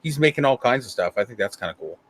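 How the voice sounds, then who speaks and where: A man's voice: medium pitch, fast talker. A middle-aged man chatting as a guest, often repeating and stumbling over his words. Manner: lively, repeats words, stammers. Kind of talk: casual chat.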